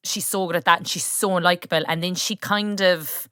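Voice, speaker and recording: A young Irish woman with a Kerry accent chats as a podcast guest, lively and quick to laugh. Her voice is bright and smooth, recorded close and dry. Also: lowish voice, no echo. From County Kerry, Ireland. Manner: lively, laughs often, gushing. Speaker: podcast guest, freelance writer. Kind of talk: casual film chat.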